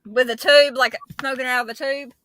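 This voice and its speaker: A woman's voice: high-pitched, steady tone, fairly quick, pushed and bright. A woman from southeast Georgia with a Southern accent, joking in a folksy way during a casual chat.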